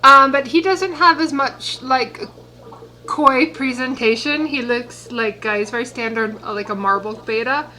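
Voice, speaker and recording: Breathless high-voiced woman vlogging slowly. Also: pushed and bright, a little hiss or hum, poor audio. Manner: chatty, talks baby talk to her pets. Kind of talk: casual home vlog. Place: home, indoors.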